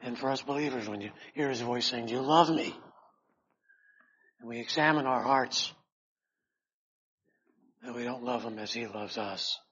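A man preaching a sermon in a slow, earnest way, rising loud and then dropping to a hush. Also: mid-range voice, husky, lo-fi sound.

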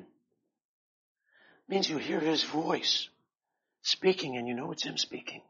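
A male preacher delivers a sermon at a slow, unhurried pace, his voice bright and a little husky. He swells loud on key words and then sinks to near a hush. The recording is dull and lo-fi. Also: on the high side.

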